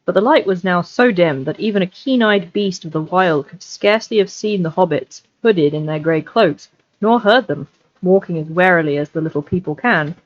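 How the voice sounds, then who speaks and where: A woman's voice: lowish voice, normal speed, no room sound. A woman reading a novel aloud on a livestream, chatty and scattered, with asides, over a desk mic. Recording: lo-fi livestream audio.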